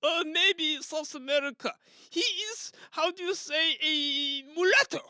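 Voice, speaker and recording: A performer voicing a smug, oblivious elderly male football boss in a high, affected voice. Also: unhurried, sharp tone, no room sound, heavily acted.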